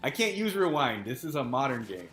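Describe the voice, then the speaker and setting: Brief: male game streamer, mid pitch, cussing and laughing, echoey room. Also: sing-song, brisk, soft background music. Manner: swears a lot, laughs often, loud outbursts while playing. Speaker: live streamer. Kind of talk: casual gaming stream chat.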